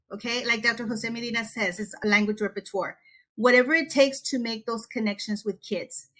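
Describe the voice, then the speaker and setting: Bright, energetic woman educator. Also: on the high side. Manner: energetic, animated teacher talk. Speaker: guest educator on a webinar. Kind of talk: webinar presentation. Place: Texas.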